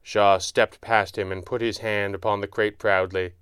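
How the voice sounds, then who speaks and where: A man narrating a pulp adventure audiobook in a measured, dramatic way. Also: on the low side, level tone, a bit bright, smooth, dry recording, studio quality.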